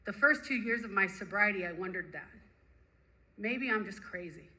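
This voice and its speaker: Woman, recovery-meeting speaker; vivid, repetitive, emphatic storytelling; very bright, cutting tone; mid pitch. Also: expressive, normal speed, poor audio. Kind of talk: personal recovery story told to a group.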